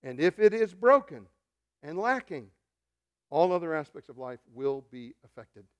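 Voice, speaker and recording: A man preaching from the pulpit with a somewhat high voice. He swings between soft, near-whispered lines and loud, fervent calls, and breaks off now and then into joking asides to the congregation. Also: big pitch swings, normal speed. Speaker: pastor. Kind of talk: sermon.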